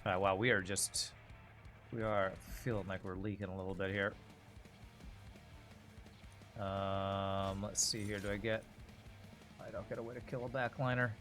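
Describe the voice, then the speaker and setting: A man's voice: on the low side, steady tone, slow, long pauses, fairly bright tone, soft background music. A man streaming a card game, chatting casually and thinking aloud about his moves. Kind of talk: casual gameplay commentary.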